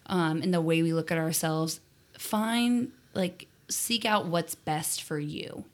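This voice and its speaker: A woman's voice: sits low, steady tone, slow pace. A young woman co-hosting a casual podcast chat, upbeat and laughing often. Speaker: podcast co-host.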